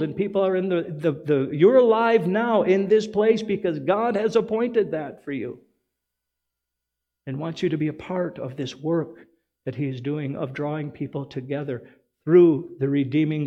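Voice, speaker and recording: A man's voice: fairly high pitch, dark tone, muffled recording. Earnest male pastor preaching. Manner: earnest, building to emphatic repetition. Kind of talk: sermon.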